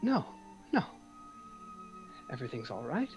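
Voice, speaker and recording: A man voicing a gentle, easily overwhelmed young woman, with a hesitant, breathy delivery. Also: high voice, expressive, a little slow, highs cut off, faint music behind, pitched above the performer's own voice. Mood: uneasy.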